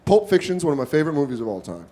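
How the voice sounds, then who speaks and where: Animated high-voiced male comedian. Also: racing. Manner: animated, profane, self-mocking. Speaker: stand-up comedian. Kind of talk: stand-up storytelling.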